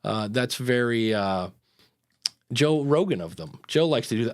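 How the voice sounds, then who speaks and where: A man's voice: medium pitch, lively intonation, unhurried, no room sound. Brief: easygoing male podcast host, chatty and meandering, dry close recording. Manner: rambling, tangent-prone, many fillers. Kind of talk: casual live-show chat.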